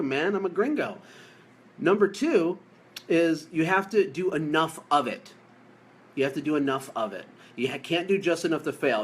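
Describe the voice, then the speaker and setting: Upbeat male coach from the US, a bit higher-voiced, joking and hammering key points on a live stream. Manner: energetic, jokey, emphatic, repeats key phrases. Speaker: business coach.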